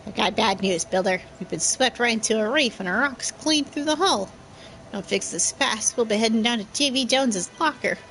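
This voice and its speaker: A woman voicing a gruff, bossy male skeleton pirate captain who talks in salty pirate slang. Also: a little high, animated, moderate pace, fairly bright tone, a little hiss or hum, rough recording.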